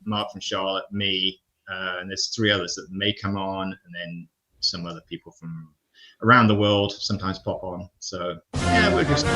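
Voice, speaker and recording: A laid-back man with a low but bright, forceful voice chats as a guest from another fan channel. He speaks in loose, easy phrases. His tone stays casual and low-key. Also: normal speed, faint music behind, rough recording. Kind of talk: casual chat.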